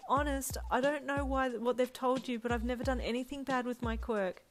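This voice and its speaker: A woman's voice: lowish voice, steady tone, fast, natural voice. A woman reading a fanfiction audio story, voicing a terrified young woman who stutters and whimpers in a quivering voice.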